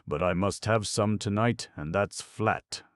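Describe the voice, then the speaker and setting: A man's voice: fairly low pitch, a little slow, smooth, no echo, studio quality, voice pushed up, lightly acted. A man voicing a surly, bitter male burglar who growls threats and demands. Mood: growling.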